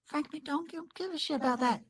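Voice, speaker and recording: A woman's voice: high voice, fast. A woman voicing a foul-mouthed, hot-tempered man who rants and threatens, referring to himself in the third person. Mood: aggrieved rant. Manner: threatening, profane, ranting.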